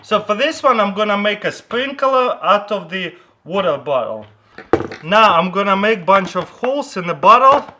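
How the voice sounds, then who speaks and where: A man with a raised, light voice walks the viewer through simple tricks in a casual how-to vlog. His English is loose and non-native, full of excitement. He breaks off to talk to his dog over a light background hiss. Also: high voice, moderate pace. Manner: chats to his dog while filming. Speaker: vlogger demonstrating life hacks.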